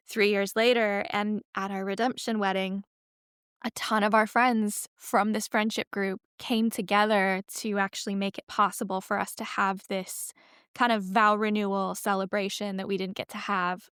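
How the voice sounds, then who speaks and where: Chatty woman podcast host, smooth dry voice. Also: mid-range voice, a bit bright, no echo. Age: 30s. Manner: chatty, rambling, self-correcting. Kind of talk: casual podcast intro.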